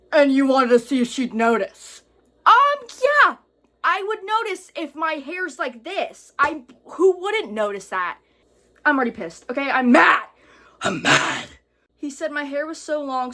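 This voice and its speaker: Woman, fairly high voice, casual commentary, reading a post aloud, chatty, expressive asides. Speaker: content creator reading and reacting to online stories.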